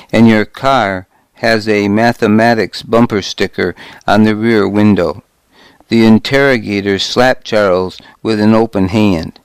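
A man narrating a first-person story in a measured, wry audiobook reading on a close microphone. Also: lowish voice, smooth, dry recording.

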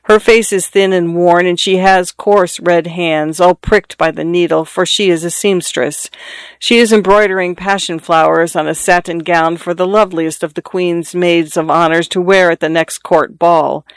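A man voicing a sorrowful statue of a prince in a storybook reading, speaking low and gently. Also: steady tone, moderate pace, clear, resonant tone, no room sound. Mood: mournful.

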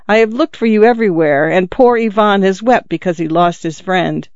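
A man voicing a drunk giant sailor who clings and coaxes in a loud, boisterous way. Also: high-pitched, moderate pace, dry recording, lo-fi sound. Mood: coaxing.

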